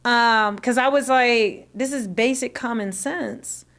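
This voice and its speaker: A woman's voice: fairly high pitch, takes it slowly, fairly bright tone. A woman from the American South chatting casually on a livestream, rambling with many fillers and restarts.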